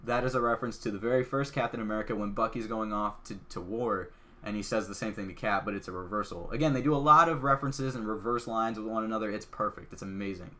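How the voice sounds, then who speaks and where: A man hosting a podcast, excitedly retelling a film in a casual, chatty way full of "like" fillers. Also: lowish voice, quick pace. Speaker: podcast host. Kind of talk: casual movie recap.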